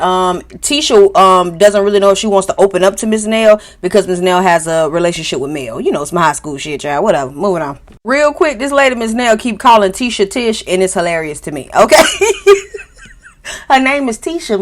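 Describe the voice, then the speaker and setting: A woman hosting a casual reality TV recap, telling it in a sassy, animated way and acting out what people said. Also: medium pitch. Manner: sassy, animated storytelling, acts out quotes. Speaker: host.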